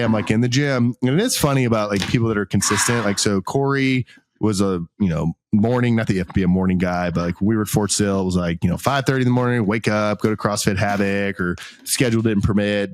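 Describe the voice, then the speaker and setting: A man's voice: fairly low pitch, slight background noise. A man co-hosting a podcast, telling a rambling story in casual chat, full of "like" and laughing as he goes. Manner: rambling, filler-heavy, laughs while telling stories. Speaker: podcast co-host.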